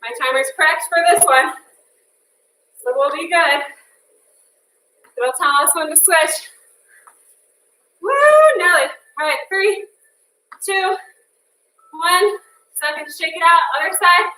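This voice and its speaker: A woman's voice: very high-pitched, fairly even intonation, measured pace, pauses often, sharp tone, a little hiss or hum. A woman fitness instructor leading a workout class, upbeat and encouraging, counting down and cheering with whoops. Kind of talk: live workout class cueing. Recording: echoey room, voice from a distance.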